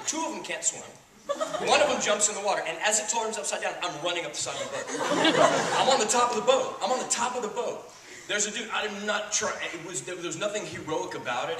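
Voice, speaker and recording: Man from Texas, animated profane raconteur; slightly high voice, distant noisy recording. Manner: animated, profane, laughing storyteller. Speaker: panel guest actor. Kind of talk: convention Q&A storytelling. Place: convention panel room. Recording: echoey hall, distant mic, noisy.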